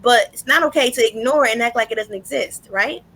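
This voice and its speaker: Bright-voiced woman podcast guest. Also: fairly high pitch, brisk, breathy edge, low-quality recording. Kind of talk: casual podcast talk.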